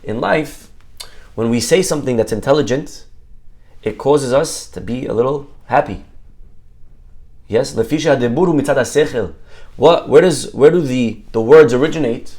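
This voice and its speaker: A man's voice: medium pitch, moderate pace, long pauses, a little mellow. Male rabbi, Torah class teacher, engaging and repetitive, quizzes the group. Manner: quizzes listeners and repeats key words, sprinkled with Hebrew terms. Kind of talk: lively Torah lesson to a live group.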